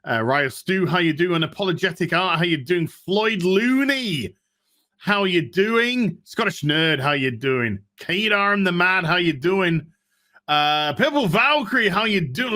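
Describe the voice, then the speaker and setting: Man, stream host, casual chat, lively pitch, bright tone. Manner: chatty, greets viewers one by one.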